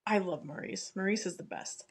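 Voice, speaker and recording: A woman's voice: lowish voice, fairly quick, husky. A woman co-hosting a podcast, laughing often and chiming in with agreement while discussing a novel. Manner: swears casually. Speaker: podcast co-host. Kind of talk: casual book chat.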